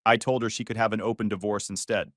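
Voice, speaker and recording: A man's voice: on the low side, little pitch movement, quick pace, a bit bright, no echo, studio quality, natural voice. A man voicing his wisecracking, cynical male best friend.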